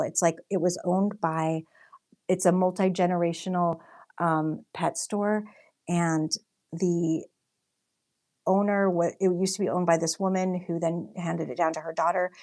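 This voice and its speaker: A woman's voice: lowish voice, a little mellow. A young woman chatting casually on a livestream while she paints, telling a story with lots of fillers and reading out viewer comments. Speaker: livestream host and artist.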